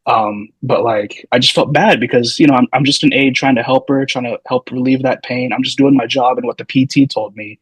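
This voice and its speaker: A man in his thirties tells stories in a relaxed, rambling way as a podcast guest. His voice has a slightly husky edge, and the recording is close and dry, with no room sound. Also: mid-range voice, a little fast, few pauses, no echo, rough recording. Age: 30s. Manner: loose, meandering, full of hedging asides. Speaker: podcast guest, physical therapy student. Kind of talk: casual storytelling.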